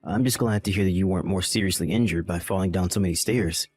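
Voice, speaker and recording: A man's voice: low voice, fast, darkish tone, husky, faint music behind. A man playing a callous young husband in a dramatized text-message story, exasperated and blaming. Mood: casual.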